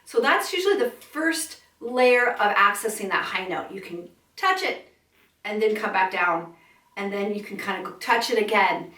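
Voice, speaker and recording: A woman's voice: medium pitch, expressive, normal speed, sharp tone, reverberant, distant mic. A woman vocal coach teaching a singing lesson, breaking into siren sounds and sung notes to demonstrate.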